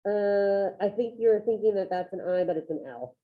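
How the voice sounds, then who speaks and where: A woman's voice: medium pitch, moderate pace. A woman leads an online Spanish lesson, upbeat and encouraging as she calls on students by name. Her voice sits in a middle range. The audio is narrow and tinny, like a phone line. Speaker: Spanish teacher.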